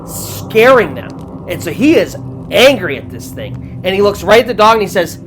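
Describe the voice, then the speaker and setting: A woman retelling a spooky true story the way she'd tell a friend. Her pitch is mid-range and she speaks loosely, with lots of "like" and "you know". She sounds like a channel host sharing a tale. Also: very animated, moderate pace, a little hiss or hum. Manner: chatty retelling with frequent "like" fillers. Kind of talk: casual narration of a true paranormal story.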